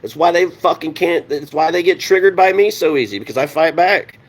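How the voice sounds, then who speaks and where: A man's voice: a little high, a little fast. A man ranting on a live stream, heated and sarcastic, swearing constantly and answering his chat. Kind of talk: profane live-stream rant.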